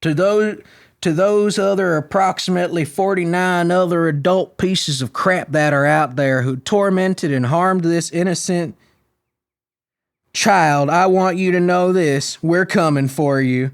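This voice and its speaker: A man doing an impression of a stern middle-aged male county sheriff, booming and menacing. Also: a little slow, gravelly. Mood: threatening.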